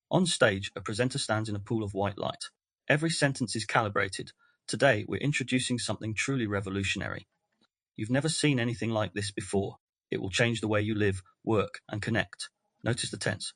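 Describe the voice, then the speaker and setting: A man hosting a podcast, reading a scripted, reflective essay in a measured way with deliberate pauses. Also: fairly low pitch, fairly bright tone, dry recording. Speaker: podcast host. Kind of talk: scripted narration.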